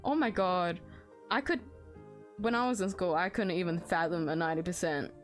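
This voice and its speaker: A woman's voice: fairly low pitch, normal speed, soft background music. A young Australian woman chatting and giggling through a game playthrough, reading the characters' lines aloud. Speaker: streamer.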